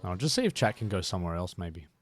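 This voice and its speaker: Lively-pitched male game streamer. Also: quick pace, noisy background. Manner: chatty, self-deprecating, thinks aloud. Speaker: game streamer and tutorial host. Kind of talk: live-streamed gameplay tutorial.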